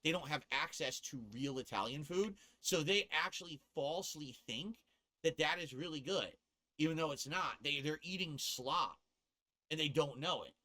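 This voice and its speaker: A man's voice: a little high, normal speed, sharp tone. A man from the US East Coast ranting and cursing on a casual live stream, laughing at himself as he goes.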